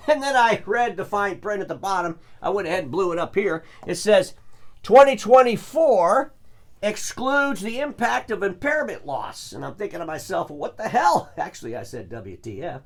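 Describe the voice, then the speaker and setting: A middle-aged man hosts his own commentary show with a lively, swinging delivery. His voice sits a touch higher than most men's. He talks in an opinionated way and keeps firing rhetorical questions. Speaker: show host. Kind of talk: solo commentary on industry business.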